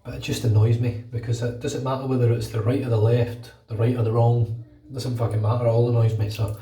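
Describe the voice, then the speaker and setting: British man, casual shaving vlog, sweary rambling chat, mellow voice, echoey bathroom, distant mic. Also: medium pitch, little pitch movement, fast. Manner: chatty, swears freely, rambling. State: under the weather with a cold. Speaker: shaving vlogger. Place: bathroom at home.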